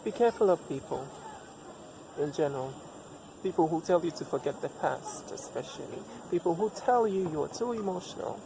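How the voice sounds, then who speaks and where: A man's voice: fairly high pitch, expressive, moderate pace, vocal fry. Reflective man musing over background noise. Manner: reflective, repeats lines for emphasis, asks rhetorical questions. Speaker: vlogger giving relationship advice. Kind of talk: personal advice monologue.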